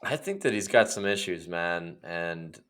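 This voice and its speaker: A man's voice: sits low, animated, unhurried, fairly bright tone. A young man co-hosting a casual comedy podcast, telling stories and acting out scenes with put-on voices. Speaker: podcast co-host.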